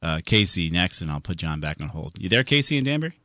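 A man hosting a call-in radio show about computers, chatty and quick to laugh. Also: dry recording. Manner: chatty, laughs often, lively pitch swings.

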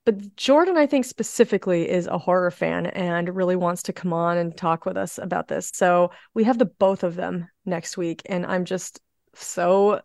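A woman's voice: on the low side, normal speed, gravelly, darkish tone, dry recording, studio quality. A woman co-hosting a podcast, talking in a chatty, upbeat way and wrapping up the episode. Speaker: podcast co-host. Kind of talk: casual podcast chat.

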